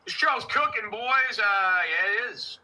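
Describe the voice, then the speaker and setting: A man hosting a casual livestream, loud and joking, trading banter with his guest. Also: sits high, lively intonation, a little slow, over a noisy crowd, rough recording. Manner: loud, joking, mocking impressions. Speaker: livestream host.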